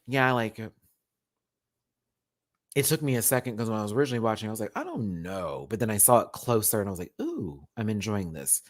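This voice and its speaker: A man hosting a live-stream review, chatting casually and swinging from loud outbursts to muttered asides. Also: lowish voice. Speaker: YouTube reality TV reviewer.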